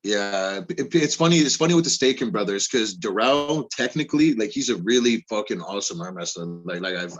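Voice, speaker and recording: A man talking in a casual podcast chat about arm wrestling, profane, excitable and emphatic. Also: lowish voice, brisk, hardly any pauses.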